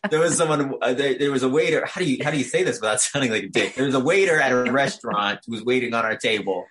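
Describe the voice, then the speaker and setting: A man tells a story among friends in a relaxed, joking way. He pokes fun at himself and laughs between lines. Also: mid-range voice, fast talker. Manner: joking, self-deprecating storyteller. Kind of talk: casual chat.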